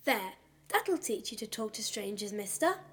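A man's voice: extremely high pitch, very animated, measured pace, fairly bright tone, pitched above the performer's own voice, full character voice. A male narrator voicing a sweet-seeming but secretly sinister little girl, chirpy and sing-song. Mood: sneering.

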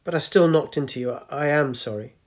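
A man doing a curt, hurried young man. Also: fairly high pitch, lightly acted. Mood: flustered. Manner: curt, flustered, defensive. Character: brisk, hurried young man, a software engineer. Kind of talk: storybook reading.

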